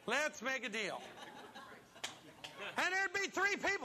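A man preaching a sermon as pastor, telling stories with lively acted-out voices. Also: very high voice, normal speed. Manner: animated storytelling, acts out voices. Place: church. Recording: long reverb of a large hall.

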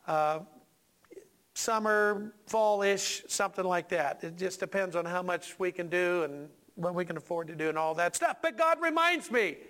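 A male pastor preaching a sermon in a church, folksy and animated, talking to the congregation with asides and questions. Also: sits high, normal speed.

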